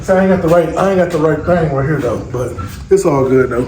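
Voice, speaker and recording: A man's voice: on the high side, fast talker. A middle-aged father casually vlogging to camera in a small home basement, rambling and talking straight to his viewers, filmed on a phone. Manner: loose, rambling, chatty, addresses viewers directly. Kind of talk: casual vlog chat to camera. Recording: echoey basement with loud background noise.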